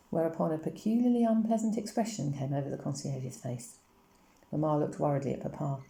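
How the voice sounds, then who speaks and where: A woman reads a novel aloud in a steady, even storytelling manner. Her voice is low and dark with a gravelly edge. The recording carries a roomy echo. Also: brisk. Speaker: audiobook reader.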